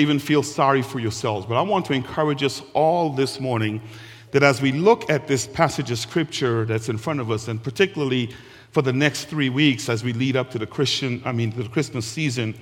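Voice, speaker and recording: A pastor preaching a sermon, reading scripture slowly and emphatically and calling on the congregation to respond. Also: male voice, medium pitch. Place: church sanctuary. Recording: long hall reverb with guitar music.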